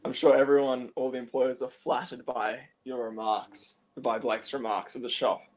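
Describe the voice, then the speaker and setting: A man joining a livestream as a guest, speaking in a mild, soft-spoken way. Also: mid-range voice, level tone, normal speed. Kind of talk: casual chat.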